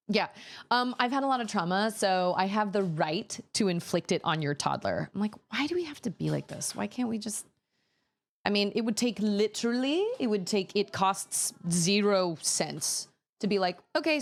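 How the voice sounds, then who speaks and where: A woman's voice: mid-range voice, animated, moderate pace. A woman streamer in her thirties, chatting casually and telling an exasperated, rambling story full of quoted back-and-forth. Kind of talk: casual chat while gaming.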